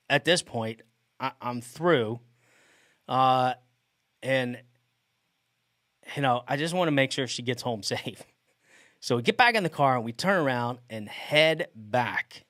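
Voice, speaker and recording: A man's voice: medium pitch, expressive, slow pace, pauses often, sharp tone, no echo, studio quality. A middle-aged man hosting a podcast, telling a story in a casual way and often laughing mid-sentence. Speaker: podcast host.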